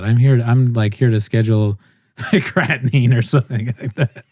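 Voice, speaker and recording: Brief: young male podcast co-host, casual storyteller, mid pitch, dead-dry mic. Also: moderate pace, dry recording. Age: young adult. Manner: rambling, animated, mimics others' voices.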